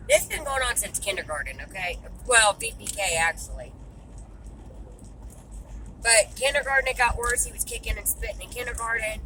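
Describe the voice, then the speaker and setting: A woman's voice: a little high, big pitch swings, normal speed, bright, forceful tone, a little hiss or hum, rough recording. Frustrated woman venting bluntly. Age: 30s. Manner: blunt, swears freely, exasperated. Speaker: vlogger and mother. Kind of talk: venting to camera.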